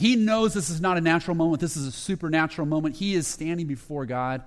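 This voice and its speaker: This pastor preaches briskly with few pauses, narrating the story in a conversational way. He restarts often and shifts into lower quoted voices, with a long reverb tail behind him.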